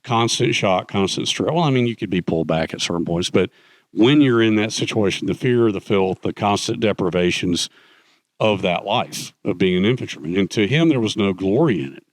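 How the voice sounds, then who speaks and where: A man's voice: on the low side, lively intonation, normal speed, no echo. An older man, a guest author on stage, retells stories at length, rambling with many fillers and restarts. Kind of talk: fireside chat on stage. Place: conference stage.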